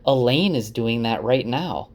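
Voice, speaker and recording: A man's voice: medium pitch, expressive, unhurried. A man voicing an earnest scolding young woman. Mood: insistent.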